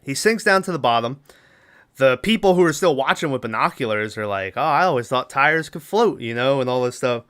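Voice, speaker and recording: A man's voice: mid-range voice, animated, a little fast, fairly bright tone, clear, resonant tone. A man co-hosting a podcast, casually recapping a film's plot in a rambling way, laughing often and acting out lines. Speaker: podcast co-host.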